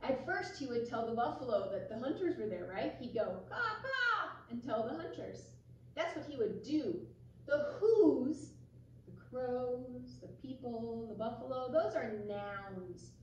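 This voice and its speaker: A woman in her forties reading a story aloud and teaching young children in a gentle, slow way. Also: fairly high pitch, expressive, lo-fi sound, a little hiss or hum. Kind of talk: storybook reading and kids' lesson. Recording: echoey room from far off.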